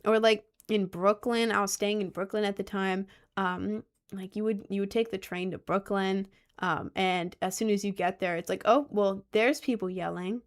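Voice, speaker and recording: Young woman streamer, casual rambling chat, mid-pitched voice, heavy on fillers. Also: fairly even intonation, moderate pace.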